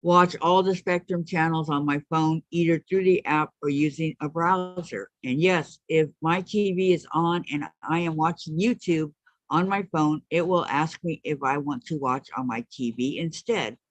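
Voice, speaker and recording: A woman hosting a livestream, reading viewers' comments aloud in a measured way over a video call. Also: deep voice, dry recording. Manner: measured, read-aloud delivery.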